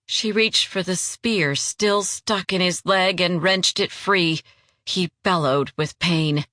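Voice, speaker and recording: Woman audiobook narrator, bright voice, measured delivery, unhurried. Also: on the low side, no echo, clean studio sound. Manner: measured, even storytelling. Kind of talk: scripted narration.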